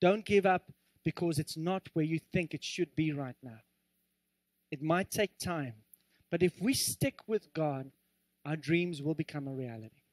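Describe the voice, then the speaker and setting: A male pastor preaching an earnest sermon with animated delivery and joking asides. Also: a little high, a little slow, dry recording. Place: church.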